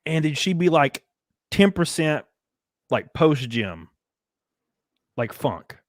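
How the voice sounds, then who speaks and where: Speaking slowly in a slightly high, sing-song voice, this young podcast host from the American South rambles through a crude, casual chat and keeps restarting his sentences. The recording is clean studio audio without echo.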